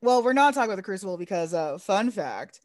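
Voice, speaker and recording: A woman's voice: medium pitch, very animated, a little mellow, dry recording. Dry-miked sarcastic woman podcaster. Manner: sarcastic, profane, quick asides. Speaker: podcast co-host. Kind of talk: casual chat.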